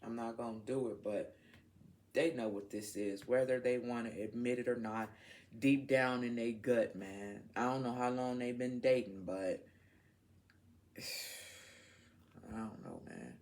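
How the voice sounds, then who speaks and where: A woman's voice: rumbling low, fairly even intonation, moderate pace, darkish tone. A woman giving a casual tarot reading to her viewers, frank, swearing freely and laughing as she talks. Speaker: tarot reader.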